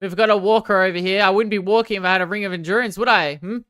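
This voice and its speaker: A woman livestreaming a game, chatting with her viewers and swinging from excited outbursts to sheepish apologies. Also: mid-range voice, very fast, clear, resonant tone, dry recording, studio quality. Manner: banters with chat, swears casually. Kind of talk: casual gaming livestream chat.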